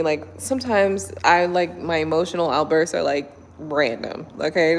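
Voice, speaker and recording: A woman's voice: lowish voice, moderate pace, hardly any pauses, long reverb tail. A woman doing a blunt, profane casual chat with her live viewers, talking to them from home at night. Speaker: tarot reader.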